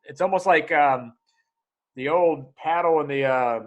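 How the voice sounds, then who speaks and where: A middle-aged man chatting as a podcast host, with a voice that sits a little high. He tells stories with animation, jumps into the voices of the people in them and swears without a second thought. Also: measured pace, muffled recording. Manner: animated storyteller, acts out dialogue in raised voices, swears freely. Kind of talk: casual podcast conversation.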